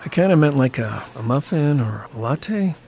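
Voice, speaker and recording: A matter-of-fact drive-through attendant, as an actor plays them in a scripted ad. The voice sits at an ordinary pitch, with faint ambience in the background. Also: animated, normal speed, darkish tone, slight background noise, natural voice. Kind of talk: scripted ad acting.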